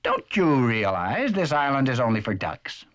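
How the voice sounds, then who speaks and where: A man's voice: medium pitch, big pitch swings, moderate pace, fairly bright tone, highs cut off. A man voicing a cross, lonely male duck who speaks in a huffy, stern way in a vintage cartoon.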